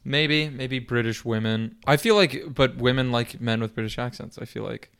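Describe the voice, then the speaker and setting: A man's voice: medium pitch, steady tone, normal speed, creaky, a bit bright, smooth. A man co-hosting a podcast, chatting casually and joking playfully with his co-host. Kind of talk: casual chat.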